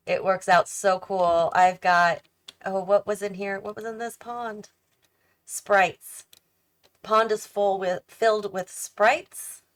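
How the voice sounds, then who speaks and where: Woman, gaming channel host, casual build commentary, thinks aloud, yawning and tired. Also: mid-range voice. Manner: chatty, thinks aloud and questions herself. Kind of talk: casual commentary while building a house in a game.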